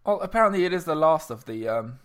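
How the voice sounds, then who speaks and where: A man co-hosting a relaxed podcast chat, with a dry, self-mocking humor. He often repeats his first words before he gets a thought out. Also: a little high, fast. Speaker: podcast co-host.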